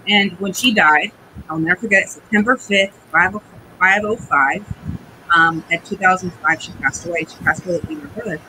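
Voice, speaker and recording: A woman in her forties, a guest telling a personal family story in a rambling, halting way, tearful at times. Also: on the low side, background noise. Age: 40s. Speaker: guest, cigar business owner.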